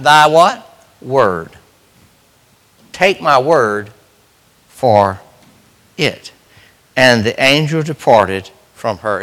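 A man's voice: medium pitch, a bit bright. A middle-aged man, preaching a sermon as pastor in a folksy, emphatic way, rising and dropping sharply. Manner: folksy, emphatic preaching with sudden rises and drops.

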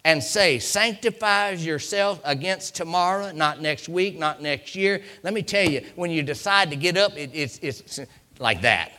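A man preaching a sermon, reading scripture aloud and building up to shouted lines. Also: fairly high pitch, animated, unhurried.

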